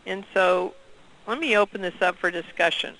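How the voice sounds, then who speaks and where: A man leading an interactive training session, energetic and quizzing the group. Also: sits high, moderate pace, rough recording.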